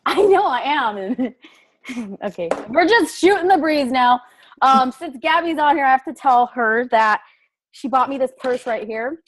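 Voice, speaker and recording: A woman's voice: sits high, animated, a little slow. A woman hosting a casual group video call, chatty and laughing often. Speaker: call host.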